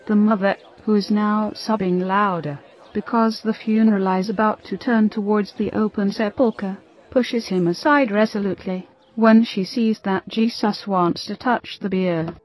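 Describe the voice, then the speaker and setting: A woman's voice: medium pitch, fairly even intonation, unhurried, darkish tone, low-quality recording. Woman reading a religious story. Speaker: narrator.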